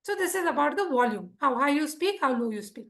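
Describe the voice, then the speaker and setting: A woman teaches public speaking to a live club, her voice high and bright with a husky edge. She keeps a lively, teacherly rhythm and keeps checking that her listeners follow. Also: brisk. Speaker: Toastmasters speaker teaching speech craft. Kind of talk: live instructional talk to a club.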